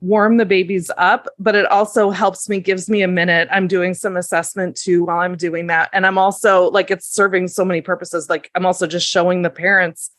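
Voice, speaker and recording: A woman's voice: fairly low pitch, level tone, fairly quick, hardly any pauses, fairly bright tone, no echo, clean studio sound. A woman who works as a lactation consultant, chatting casually on a podcast in a chatty, self-deprecating way with many fillers.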